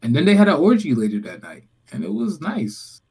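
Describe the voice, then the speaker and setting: Male podcast co-host, casual crude storyteller, mid-pitched, recaps scenes in character voices. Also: wildly swooping pitch, a little fast, warm tone, breathy edge. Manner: crude, rambling, acts out scenes in quoted voices. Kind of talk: casual movie review chat.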